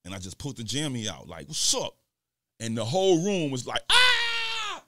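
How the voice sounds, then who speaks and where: A man tells stories on his podcast and jumps into quoted lines with loud bursts. His pitch swings widely from low mumbles to high exclamations. The sound is close and dry, with no room around it. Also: fast, no echo. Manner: animated, acts out quoted dialogue in loud bursts. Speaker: podcast host. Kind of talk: casual storytelling.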